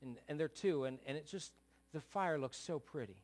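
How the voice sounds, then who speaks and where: A middle-aged male pastor preaching a sermon, earnest, swinging between loud bursts and soft, low asides. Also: moderate pace.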